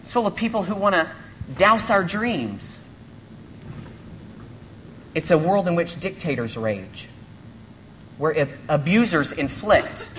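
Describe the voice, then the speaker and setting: A man delivers a sermon to a church congregation, earnest and measured, asking rhetorical questions as he goes. His voice sits a little higher than most men's. A faint hiss lies under the recording. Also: a bit bright. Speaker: pastor.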